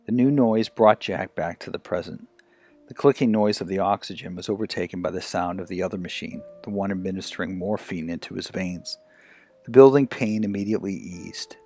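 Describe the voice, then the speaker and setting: Man gently narrating a romance audiobook. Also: low voice, brisk, soft background music. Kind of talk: scripted narration.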